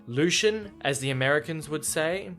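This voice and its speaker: A man reading aloud as a polite, refined young man in a soft, mild voice. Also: medium pitch, moderate pace, soft background music, lightly acted. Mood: gentle.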